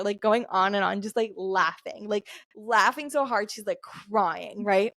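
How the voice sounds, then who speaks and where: A woman's voice: medium pitch, unhurried, hardly any pauses, a bit bright, no echo. Young woman podcast co-host, chatty storyteller, dry close sound. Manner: chatty, lots of "like" fillers, laughs often. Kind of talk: casual storytelling chat.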